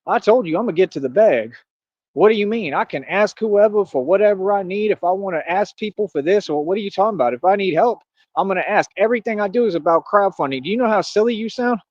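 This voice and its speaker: Cocky guy going off on his haters on stream, kinda high voice, street slang, dull dry lo-fi audio. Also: fast talker, no echo. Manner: boastful, confrontational street talk with slang. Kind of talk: casual streaming rant.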